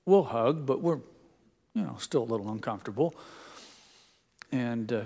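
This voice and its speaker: A man's voice: mid-range voice, animated, normal speed, long pauses, warm tone. An older man gives a sermon in a folksy, teasing storyteller's manner, speaking to a gathered congregation. His voice carries a long reverb tail from the large hall around him. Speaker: pastor. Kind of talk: sermon with folksy family stories.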